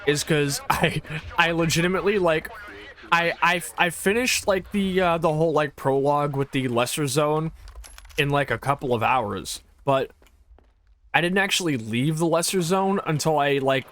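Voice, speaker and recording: A woman's voice: low-pitched, normal speed, fairly bright tone. A woman streaming a game live, chatting casually with viewers, rambling and swearing, with frequent fillers and laughs. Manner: reacts aloud to gameplay and answers chat. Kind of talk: casual gameplay livestream chat.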